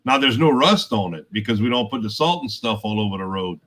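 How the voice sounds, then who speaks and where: A man's voice: lowish voice, lively intonation, fairly quick, a bit bright. A man chatting casually, easygoing, laughing along and telling a short story. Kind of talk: casual chat.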